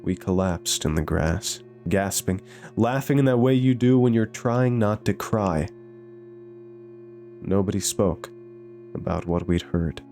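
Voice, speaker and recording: A man narrating a scripted horror story with a measured, suspenseful delivery. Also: low voice, warm tone, soft background music.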